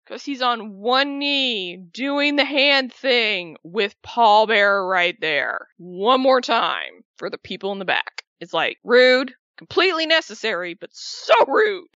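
A woman chatting casually as a wrestling podcast co-host, emotional and animated, with a swear here and there. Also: mid-range voice, dry recording. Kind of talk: casual fan chat. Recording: dull lo-fi sound.

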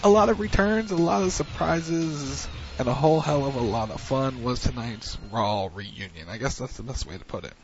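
A man's voice: mid-range voice, normal speed, hardly any pauses. A man hosting a wrestling recap show on internet radio, chatting casually and rambling with lots of fillers. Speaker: wrestling podcast host. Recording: muffled lo-fi radio stream.

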